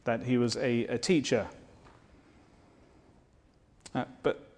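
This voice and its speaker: Male preacher, mid-pitched, earnest sermon delivery that builds to fervent declarations. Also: fairly even intonation, takes it slowly, darkish tone. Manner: rhetorical questions to the listeners.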